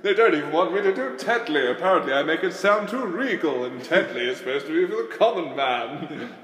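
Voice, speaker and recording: Playful high-voiced man. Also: animated, a little fast, a bit bright. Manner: playful, laughs often, drops into low mock voices. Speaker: comedy podcast host. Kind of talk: improvised comedy chat and narration. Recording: echoey room, faint noise.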